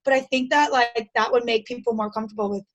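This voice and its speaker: Young woman, high voice, chatty interview guest, storytelling, heavy on "like.". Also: fairly even intonation, fast. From United States. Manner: chatty storytelling, frequent "like" fillers. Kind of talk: casual conversation.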